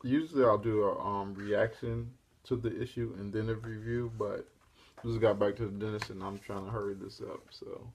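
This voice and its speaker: A man's voice: lowish voice, steady tone, normal speed, a little mellow, a little hiss or hum. A man casually retelling a comic issue for his own review show, in a rambling, laid-back way. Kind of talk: casual spoken comic recap.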